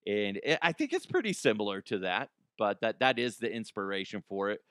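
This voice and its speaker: A man's voice: on the low side, big pitch swings, a little fast, fairly bright tone, smooth, no room sound, studio quality. A man in his forties hosting a comedy podcast, rambling in a casual, profane monologue. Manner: profane, rambling, laughs at own jokes.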